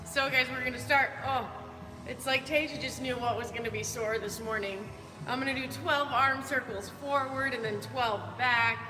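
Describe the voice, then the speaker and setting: A woman's voice: on the high side, steady tone, moderate pace. A young woman chatting upbeat with viewers by name while coaching a live workout. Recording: roomy hall reverb. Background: faint background music.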